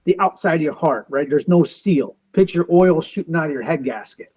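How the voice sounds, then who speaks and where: Guest, male, 40s, veteran and police officer, slightly high voice, storyteller who acts out both sides of conversations. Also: lively intonation, a little mellow, slightly rough, rough recording. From United States. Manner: quotes others in quick back-and-forth, uses car comparisons. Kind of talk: animated personal storytelling.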